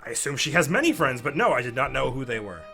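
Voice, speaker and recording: A man's voice: mid-range voice, very animated, creaky, over music. A man running a tabletop game as game master, voicing an irritated handler and laughing often. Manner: quick to laugh, swears.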